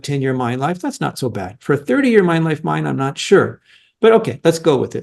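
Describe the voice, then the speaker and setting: A middle-aged man speaks as a market analyst in an interview, his voice sitting slightly high for a man. He argues his points emphatically and often restarts his sentences as he explains. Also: a little mellow. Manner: emphatic, argumentative, with frequent restarts. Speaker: mining analyst guest.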